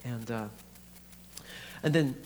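A man's voice: medium pitch, voice pushed down, lightly acted. A man playing a frightened, stammering young man. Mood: subdued. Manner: halting, stammering, quiet. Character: frightened young man facing serious illness. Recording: echoey hall, faint hum.

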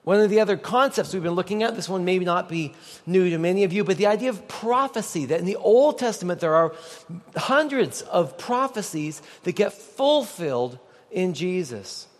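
A man's voice: high voice, animated, normal speed. A man preaching a sermon as pastor, conversational and joking with the congregation. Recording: long reverb of a large hall.

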